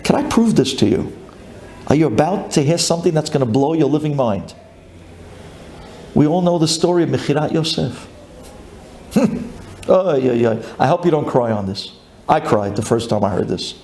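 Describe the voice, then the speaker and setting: A man, a rabbi, giving a lively sermon, acting out a grumbling congregant and building up to shouted lines. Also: on the high side, moderate pace, pauses often, echoey room, a little hiss or hum.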